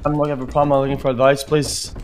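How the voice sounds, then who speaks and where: Brief: male streamer, quick delivery, mid pitch, dry boastful joking. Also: level tone, slight background noise. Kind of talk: mock advice call.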